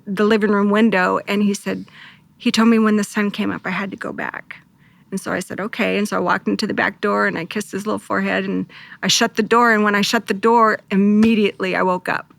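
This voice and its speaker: A woman co-pastor speaks with a gravelly, textured edge to her voice, recounting her testimony earnestly. Her voice sits at a middle pitch, and the recording is close and dry with no room sound. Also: flat delivery, a little fast, fairly bright tone, dry recording. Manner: earnest, heartfelt storytelling with quoted prayers. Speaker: co-pastor and guest. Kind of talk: emotional personal testimony.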